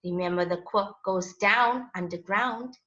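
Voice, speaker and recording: A woman's voice: mid-range voice, measured pace, fairly bright tone. A woman teaching a children's phonics lesson in a patient, sing-song voice. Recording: echoey, dull lo-fi room sound.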